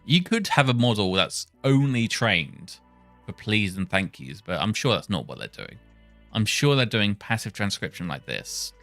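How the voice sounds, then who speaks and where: A man talking to himself while testing speech software, muttering and correcting himself as he goes. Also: lowish voice, sing-song, moderate pace, creaky, faint music behind. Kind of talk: casual thinking-aloud coding session.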